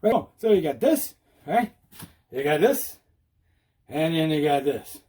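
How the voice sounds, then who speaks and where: Breathless husky-voiced man on a bike. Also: fairly high pitch, a little slow. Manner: animated, repetitive, demonstrative. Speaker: e-bike vlogger. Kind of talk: casual instructional talk.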